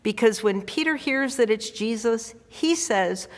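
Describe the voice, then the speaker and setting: A woman's voice: fairly high pitch, moderate pace, long reverb tail. A woman pastor giving a sermon in an earnest, conversational way. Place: church.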